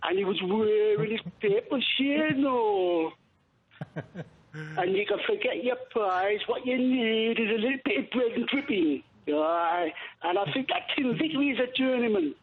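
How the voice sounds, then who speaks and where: A man's voice: high-pitched, moderate pace, crowd noise, close to an everyday voice. A man putting on a cheeky Geordie. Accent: put-on Geordie. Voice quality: broad, sing-song put-on dialect. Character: exaggerated North East English man, cheeky. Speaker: caller. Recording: phone line.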